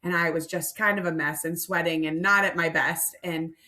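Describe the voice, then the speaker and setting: A woman's voice: fairly low pitch, fairly even intonation, normal speed, sharp tone. A middle-aged woman leading a nonprofit mission, telling stories earnestly and reflectively in a podcast interview.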